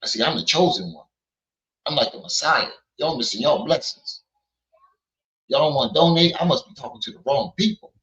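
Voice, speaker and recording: A man putting on a low, slow impression of a boastful streamer who calls himself chosen. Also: expressive, fairly bright tone, roomy sound, muffled recording.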